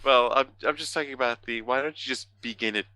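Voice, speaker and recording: A man's voice: medium pitch, bright, forceful tone, clear, resonant tone, dry recording. A man co-hosting a podcast, rambling through a casual chat full of fillers and the odd swear word. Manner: rambling, profane, halting with many fillers. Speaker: podcast co-host.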